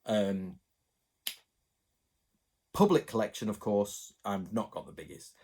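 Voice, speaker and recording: A man from England chatting to his viewers in a rambling, animated way, going off on asides. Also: on the low side, slow, gravelly, husky. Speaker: channel host. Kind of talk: casual chat to camera.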